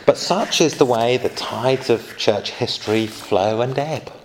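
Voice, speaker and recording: Brief: male lecturer, mid-pitched, informal history talk full of asides to his audience. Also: unhurried, noisy background. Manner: chatty asides and rhetorical questions to listeners.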